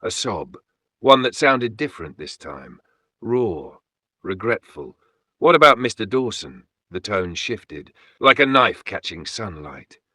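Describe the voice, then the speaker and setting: A male narrator reads a first-person horror tale in a measured, hushed way. His voice sits low but has a bright, crisp edge, and the recording is dry and close. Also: very animated, dry recording.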